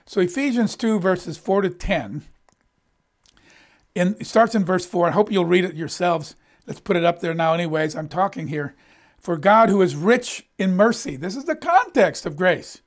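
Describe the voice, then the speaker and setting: Middle-aged guy preaching, high voice, chatty but emphatic, jumps up loud on key points. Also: expressive, measured pace. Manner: emphatic, conversational preaching with rising exclamations. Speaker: pastor. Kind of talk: sermon.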